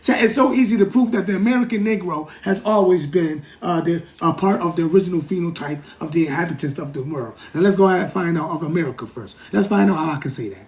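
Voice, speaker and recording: A man hosting a livestream, lecturing in a casual, animated way, repeating himself and talking straight to his chat. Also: on the high side, fairly quick, hardly any pauses, echoey room. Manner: animated, repetitive, keeps addressing the chat. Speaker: livestream host.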